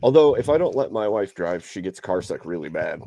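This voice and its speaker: A man with a fairly low voice chimes in with dry, wry remarks during a relaxed group chat. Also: brisk, gravelly, no echo. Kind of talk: casual chat.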